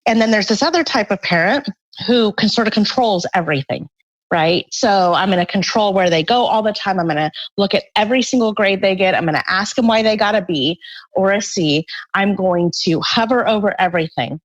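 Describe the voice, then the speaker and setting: Woman guest author, mid-pitched, earnest explainer, slightly muffled recording. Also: fairly quick. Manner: earnest, explanatory, acts out parents' voices briefly. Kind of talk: conversational interview.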